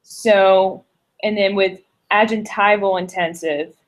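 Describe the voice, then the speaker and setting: A woman's voice: mid-range voice, fairly even intonation, slow pace. A woman student in a tutoring session, thinking aloud and asking hesitant questions.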